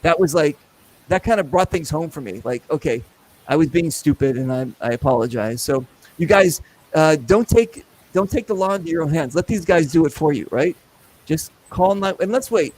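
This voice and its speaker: A middle-aged man hosting a casual show, telling a long story with lots of acted-out voices and quick asides. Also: fairly high pitch, low-quality recording. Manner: animated, acts out voices in anecdotes. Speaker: podcast host.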